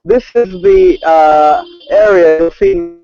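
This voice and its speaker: A man's voice: a little high, huge pitch swings, slow, creaky, dark tone, clear, resonant tone, highs cut off, soft background music. A man giving a live street report over a mobile stream, hesitant and full of fillers. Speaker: field reporter. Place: city street outdoors. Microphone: phone over a mobile stream.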